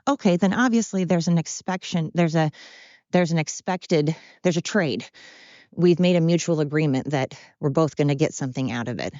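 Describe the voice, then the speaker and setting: Woman podcast host, low voice, blunt rambling monologue, dull dry recording. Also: moderate pace, darkish tone, no room sound. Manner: rambling, blunt and self-deprecating. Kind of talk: candid monologue.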